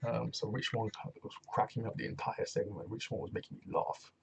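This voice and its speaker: A man's voice: fairly low pitch, fast, gravelly, slight background noise. A man giving a casual, rambling review of a wrestling show, retelling segments with loose commentary. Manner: rambling, animated retelling with acted quotes and laughs.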